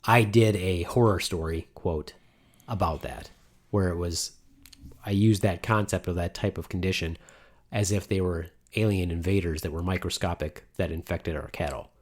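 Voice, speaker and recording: Deep-voiced man in rambling podcast chat. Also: moderate pace. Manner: rambling, enthusiastic, self-interrupting. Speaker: podcast co-host. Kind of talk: casual chat.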